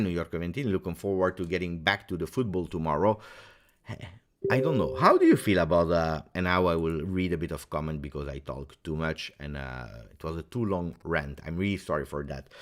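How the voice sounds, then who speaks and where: A man hosting a fan live stream, ranting heatedly and repeating himself for emphasis. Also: low-pitched. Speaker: fan channel host.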